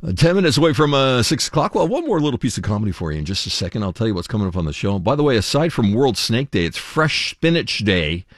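A man's voice: fairly low pitch, quick pace, few pauses, dry recording, studio quality. A man hosting a morning radio show in casual chat, talking with many fillers. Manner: chatty, lively, many fillers. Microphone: studio microphone.

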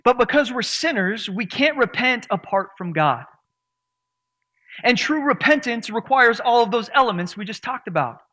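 A man delivers a sermon to his congregation with a noticeably high voice. He preaches earnestly, leaning on certain words for emphasis. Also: expressive, normal speed, bright, forceful tone. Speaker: pastor.

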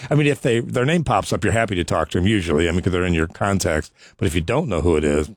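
A man's voice: sits low, expressive, fast talker, no echo, clean studio sound. A man hosting a radio show, chatting casually and laughing often.

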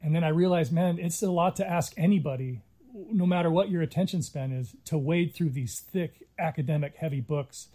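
Earnest middle-aged man, mellow voice. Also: a little high, moderate pace. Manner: earnest, reflective, with frequent restarts. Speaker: interviewee, Native filmmaker. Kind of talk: conversational storytelling interview.

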